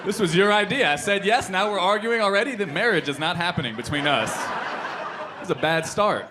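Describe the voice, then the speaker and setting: A man's voice: sits high, brisk. A man performing a stand-up comedy set on a club stage, telling stories with punchy punchlines into a handheld mic. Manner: animated storytelling, punchy punchlines. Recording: live club audience laughter and room noise.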